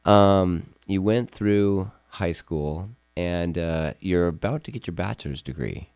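Male radio host, deep and warm, halting delivery, dry studio sound. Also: clean tone, no room sound. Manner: halting, many fillers and restarts. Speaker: radio show host and attorney. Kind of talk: conversational radio interview.

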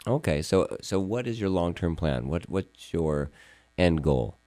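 Deep, dark-voiced radio host. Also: male voice, expressive, dry recording, studio quality. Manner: halting, many fillers and restarts. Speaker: radio show host and attorney. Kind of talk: conversational radio interview. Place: radio studio.

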